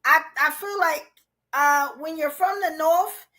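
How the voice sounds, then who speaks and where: New woman podcast host, high, bright, edgy voice, animated casual talk. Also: measured pace. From New York. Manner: animated, rhetorical "you know what I'm saying". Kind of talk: casual live podcast chat.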